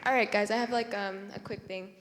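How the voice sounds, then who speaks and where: A woman's voice: mid-range voice, steady tone, a little fast. A young woman giving a chatty short talk to a school audience, quizzing them as she goes. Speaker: student speaker. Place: school theater stage. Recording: echoey auditorium, faint noise.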